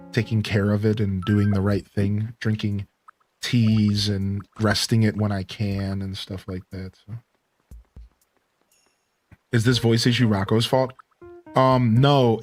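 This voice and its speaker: A male game streamer chatting casually with his live viewers, relaxed and rambling with lots of "like" and "you know", his voice still a bit worn. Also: lowish voice.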